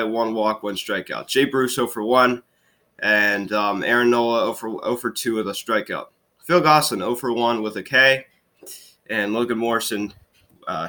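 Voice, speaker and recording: A young man recapping a ballgame in a casual, exasperated rant, his voice stuffy and sniffling from allergies. His tone is bright and forceful, with a middle pitch. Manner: frustrated, exasperated ranting. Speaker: fan vlogger recapping games. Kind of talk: casual ranting game recap.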